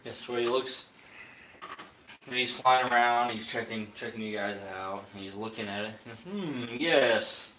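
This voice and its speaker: A man running a tabletop game, narrating in a loose way and laughing often. His voice is bright and forceful. It sits in a roomy space with a faint hiss. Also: lowish voice, monotone, moderate pace. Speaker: game master.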